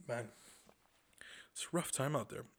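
A man's voice: mid-range voice, a little slow. A man hosting a podcast, telling rambling, profane stories with lots of stammered restarts. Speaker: podcast host. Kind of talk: casual comedic monologue.

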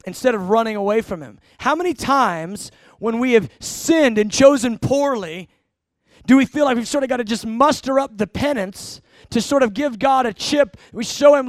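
High-voiced preacher, emphatic. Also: male voice, animated, no echo, studio quality. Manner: emphatic, shifting between slow stressed phrases and rapid asides; asks the congregation questions. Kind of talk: sermon.

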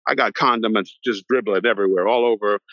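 A middle-aged man, an actor guest on a podcast, telling a long story in an animated way and acting out the voices of the people in it. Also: on the low side, quick pace, no echo. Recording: dull lo-fi sound, dry.

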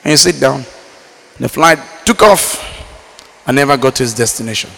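A man from Nigeria preaching a sermon, swinging between loud emphatic lines and low quiet asides. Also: normal speed, vocal fry. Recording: reverberant hall.

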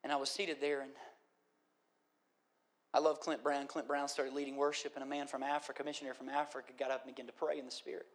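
A man preaching a sermon, moving from quiet storytelling to impassioned pleading. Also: mid-range voice, little pitch movement, fast, slight background noise. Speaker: pastor.

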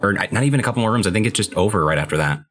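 A young man with a very low voice in relaxed podcast chat about a game. He talks through strategy in long, rambling sentences. His delivery is easygoing and conversational. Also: rapid-fire. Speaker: podcast co-host.

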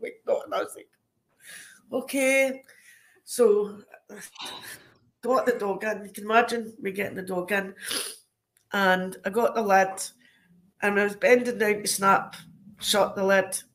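A woman with a Scottish accent, a guest telling stories in a relaxed, chatty way. She tells them animatedly and acts out the other people's lines. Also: medium pitch, unhurried, long pauses. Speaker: guest, crime scene cleaner. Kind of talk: casual anecdote telling.

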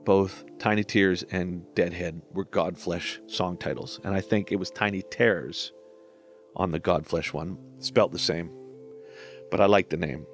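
A man in his forties with a somewhat low voice, reflecting on his own music in a relaxed podcast monologue. He is candid and self-deprecating and swears casually. Faint music plays underneath. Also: measured pace. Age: 40s. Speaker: musician talking through his own albums.

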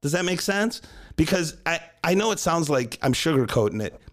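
A gymnastics coach and podcast co-host, an adult with a young daughter, explains his method casually at normal speed. His fairly high voice swings widely in pitch as he asks and answers his own questions, often tacking on "right?".

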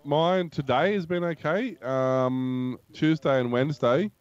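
A man's voice: fairly high pitch, measured pace, smooth, lo-fi sound. A man co-hosting a casual chat, explaining things in a laid-back way. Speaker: podcast co-host.

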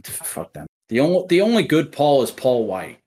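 A man's voice: mid-range voice, huge pitch swings, moderate pace, a little mellow, breathy edge. A man co-hosting a podcast, rambling along in a casual, joking, profane way. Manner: rambling, profane, self-mocking. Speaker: podcast co-host.

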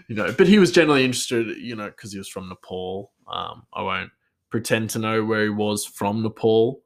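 Rambling chef, lowish voice. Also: male voice, animated, normal speed. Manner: rambling, chuckles often, many restarts. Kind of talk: casual storytelling monologue.

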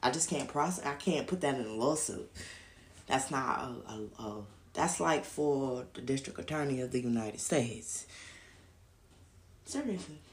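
A woman's voice: rumbling low, moderate pace. A woman giving a casual, profane, blunt rant to her viewers. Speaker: vlogger. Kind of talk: casual ranting livestream.

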